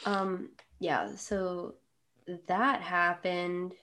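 A woman in a casual chat, unhurried and drawn out in her delivery. She narrates the film's events and pokes fun at them with dry sarcasm. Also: on the low side, level tone, sharp tone, a little hiss or hum. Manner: sarcastic, mocking film commentary. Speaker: podcast co-host recapping a film.

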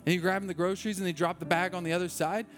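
A man's voice: high voice, fairly even intonation, very fast, fairly bright tone, faint music behind. A man preaching a sermon in an earnest, repetitive way that rises to passionate intensity. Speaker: pastor.

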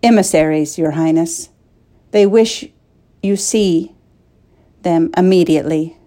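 A woman's voice: on the low side, slow, mellow. A woman voicing a sheepish male palace guard who speaks cautiously and dutifully.

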